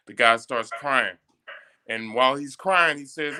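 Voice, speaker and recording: A man's voice: medium pitch, normal speed, pushed and bright, clean tone. A man in a casual group discussion, telling a story emphatically and turning it into a moral point.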